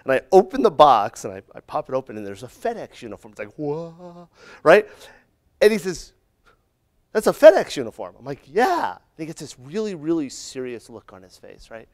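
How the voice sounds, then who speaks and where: A man's voice: medium pitch, big pitch swings, a little fast. A middle-aged man giving a humorous, conversational conference talk in a conference room, often tagging his sentences with "right?". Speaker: conference speaker.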